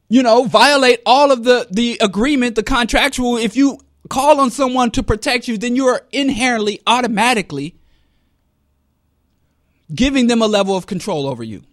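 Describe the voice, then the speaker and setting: A middle-aged man, talking in an animated casual monologue that swings between loud bursts and low muttering. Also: no echo, studio quality.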